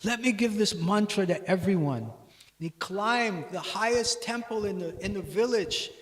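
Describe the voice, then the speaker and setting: A man giving a devotional class at a temple, teaching in a measured way and telling stories. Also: sits high. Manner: measured teaching, voice rising loudly for quoted shouts. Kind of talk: devotional lecture with storytelling. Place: temple hall.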